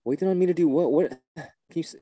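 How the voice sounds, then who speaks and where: In a comedy sketch, a man leads a church service, sounding exasperated and flustered and often repeating himself. His voice is fairly high, fast, and warm, with no room sound.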